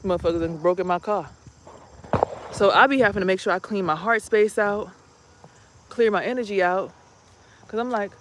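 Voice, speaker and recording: A woman's voice: mid-range voice, normal speed, long pauses. A woman vlogging as a spiritual healer, talking casually and rambling bluntly through her stories, with some swearing. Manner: blunt, profane, rambling storytelling.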